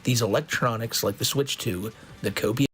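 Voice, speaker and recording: A man's voice: medium pitch, normal speed. A man streaming casual commentary, mocking his subject and laughing often.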